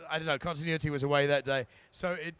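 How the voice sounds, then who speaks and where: A man who is an actor guest, telling anecdotes in a lively way in a convention interview and slipping into silly voices. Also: fairly high pitch, fast talker, clear, resonant tone, no echo. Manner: animated storyteller, slips into silly voices. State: tired, short on sleep.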